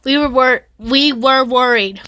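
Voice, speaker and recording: A woman's voice: sits high, a little slow, pushed and bright, no echo. A woman YouTuber reading fan fiction aloud, stumbling over and correcting the words and breaking off to react with dramatic exclamations. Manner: stumbles and corrects herself often.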